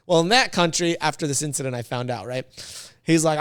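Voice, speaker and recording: A man from the United States, a podcast guest, telling a story in a casual, animated, slangy way and laughing often. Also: mid-range voice, fairly quick, smooth, dry recording, studio quality.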